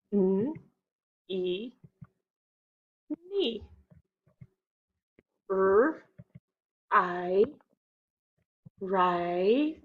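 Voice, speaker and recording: Slow, patient woman teaching phonics. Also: mid-range voice, narrow, tinny audio. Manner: slow, patient, stretches out the key words. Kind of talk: phonics lesson for young children.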